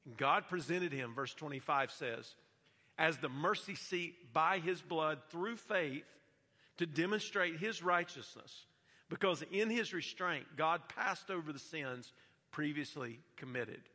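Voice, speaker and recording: Bright-voiced preacher in a reverberant hall. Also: male voice, a little high. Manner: measured preaching, reading scripture aloud. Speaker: pastor. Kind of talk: sermon. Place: church hall.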